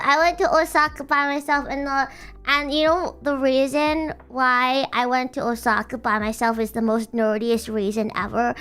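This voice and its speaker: Bubbly woman streamer, bright and sharp tone, rambling casual chat full of restarts. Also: high-pitched, clean tone. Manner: rambling, bubbly, self-teasing with frequent restarts.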